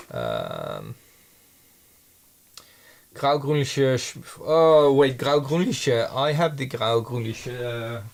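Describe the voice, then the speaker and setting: A man's voice: mid-range voice, gravelly, breathy edge. A man who makes his own paints, chatting casually in his studio while thinking aloud, hesitant and rambling with many restarts. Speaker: handmade paint maker.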